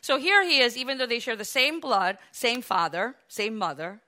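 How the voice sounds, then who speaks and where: A woman preaching a sermon, acting out the quoted biblical figures with lively, raised delivery. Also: normal speed. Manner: animated, acts out biblical quotes with raised pitch and volume.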